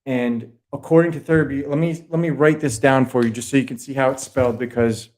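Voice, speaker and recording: A man with a Boston accent holds forth in a mid-pitched voice, rambling and swearing as he lectures. He talks over a video call in loose podcast chat, piling on asides. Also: steady tone, brisk, darkish tone. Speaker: podcast guest. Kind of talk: casual conspiracy-history chat.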